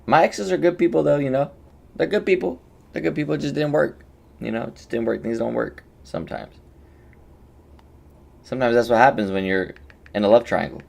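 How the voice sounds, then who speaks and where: A man's voice: medium pitch, fairly quick, vocal fry, long pauses, darkish tone. A young man streaming and coaching a game, chatting casually with his viewers, rambling and joking as he greets them by name. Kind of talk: casual livestream chat.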